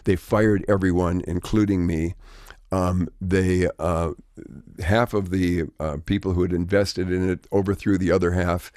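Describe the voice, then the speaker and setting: A man's voice: low voice, flat delivery, unhurried, a little mellow, clean tone, dry recording, studio quality. An older man, a guest, telling rambling anecdotes in a conversational, wry way. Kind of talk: anecdotal storytelling.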